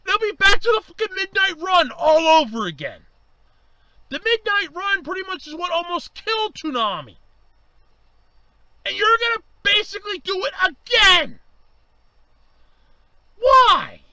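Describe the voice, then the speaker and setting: High-pitched, strained, ranting man. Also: sing-song, a little slow, long pauses, poor audio. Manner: heated, swearing, raises voice to yelling. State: voice strained from yelling. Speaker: vlogger. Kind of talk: angry ranting monologue.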